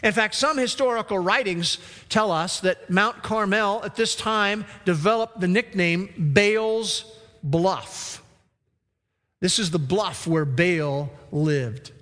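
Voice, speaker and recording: A man preaching a sermon as pastor, telling the story in a lively way and taking on the voices of the people he quotes. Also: high-pitched, in a large hall. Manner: animated storytelling, mimics the speakers he quotes.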